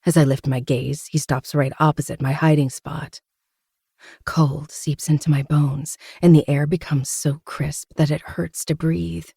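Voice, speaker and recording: Gravelly, dark-toned story narrator. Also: mid-range voice, flat delivery, unhurried, dry recording, clean studio sound. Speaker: podcast host reading a novel. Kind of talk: first-person audiobook narration.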